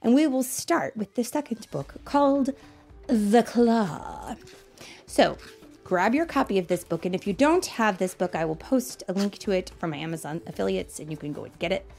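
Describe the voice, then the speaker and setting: A woman reading a children's story aloud, talking warmly and directly to her young listeners. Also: medium pitch, fairly quick, creaky, faint music behind. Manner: warm, animated, talks to listeners directly.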